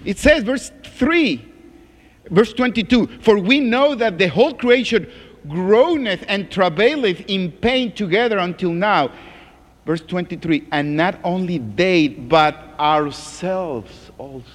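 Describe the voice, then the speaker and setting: Male pastor preaching, high and lively pitch, unhurried, long hall echo. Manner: reads scripture slowly, drops to a hushed groan. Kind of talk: sermon.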